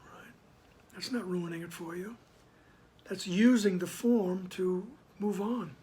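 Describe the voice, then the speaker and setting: Man, spiritual reading with commentary; hushed, near-whispered asides, slow deliberate delivery. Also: high voice. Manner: soft-spoken, often sinks to a whisper; slow, emphatic reading of passages. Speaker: spiritual text reader and teacher. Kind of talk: reading aloud with reflective commentary.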